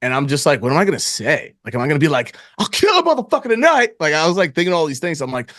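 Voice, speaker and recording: A young man co-hosting a podcast, telling a story in casual chat, animated and profane, bursting into loud acted lines. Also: fairly high pitch, very fast, no echo, clean studio sound. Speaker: podcast co-host.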